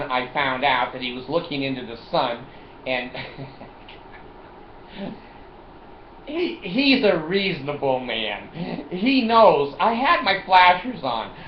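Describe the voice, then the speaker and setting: A man's voice: medium pitch, very animated, slow, long pauses, a little hiss or hum. A man telling a personal story in a vlog, acting out the dialogue, laughing and swearing as he goes. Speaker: vlogger. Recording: echoey, dull lo-fi room recording.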